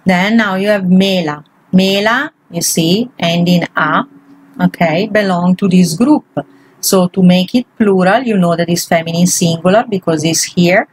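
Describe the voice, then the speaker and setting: A woman's voice: lowish voice, unhurried, breathy edge, rough recording. A woman, a language teacher, patiently walking through grammar exercises one example at a time. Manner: patient, walks through each example step by step.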